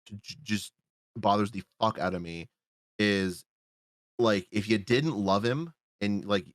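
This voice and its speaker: Podcast guy, low-pitched and dry, loose profane storyteller who acts out his reactions. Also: fairly bright tone, dry recording. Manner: rambling, swears freely, acts out his own reactions. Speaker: podcast co-host reviewing a film. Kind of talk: casual profane movie recap.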